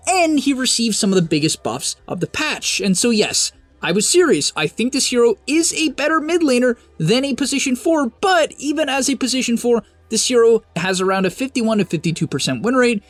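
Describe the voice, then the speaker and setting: A young man hosting a game strategy guide, talking fast and emphatically with sudden high-pitched bursts, on a close mic. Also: no room sound. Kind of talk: energetic strategy guide narration.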